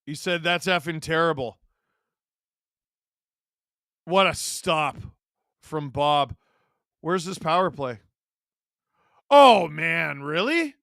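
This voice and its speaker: A man hosting a live watch-along, calling the game play-by-play in an excited way and breaking into shouts on big plays. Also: fairly high pitch, slow pace, vocal fry, pauses often, dry recording, clean studio sound.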